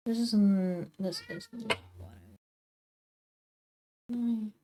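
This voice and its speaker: A woman's voice: fairly high pitch, lively intonation, slow pace, long pauses, darkish tone. A woman streaming from home on a desk microphone, chatting casually with her viewers while drawing and calling out to her cats. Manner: chatty, talks to her cats and to chat, teasing indignation. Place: home, indoors.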